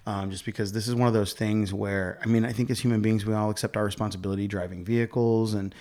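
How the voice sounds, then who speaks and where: A young adult man, an actor, tells stories as a guest on a casual podcast. His voice sits low with a gravelly fry, and he keeps a lively, chatty flow that is peppered with laughs and "like"s. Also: fast talker. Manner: animated storyteller, laughs often, many "like"s.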